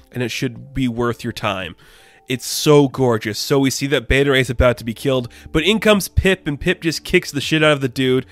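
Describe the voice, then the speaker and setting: A man's voice: mid-range voice, a bit bright, dry recording. A man who reviews comic books, talking casually with lots of enthusiasm and rambling asides. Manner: enthusiastic, rambling, frequent "like" fillers.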